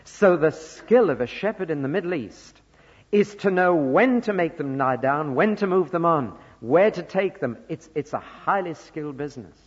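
A man from northern England preaching a sermon, earnest, moving between soft asides and loud emphasis. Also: fairly high pitch, expressive, moderate pace, husky. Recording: dull lo-fi recording with long church reverb.

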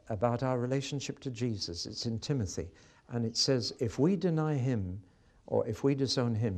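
A man preaching a sermon, reading scripture aloud with strong feeling. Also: medium pitch.

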